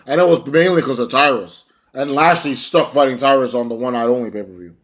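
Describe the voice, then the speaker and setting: A man's voice: mid-range voice, brisk, a bit bright. A young man giving a casual spoken review, blunt and rambling, swearing often and filling with ums and likes. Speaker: wrestling show reviewer.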